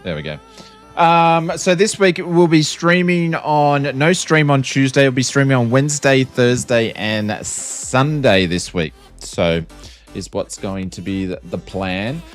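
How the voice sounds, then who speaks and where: A man's voice: mid-range voice, expressive, unhurried, faint music behind. An Australian man hosting a flight sim stream, chatting casually with lots of ums and frequent laughs. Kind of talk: casual live-stream chat.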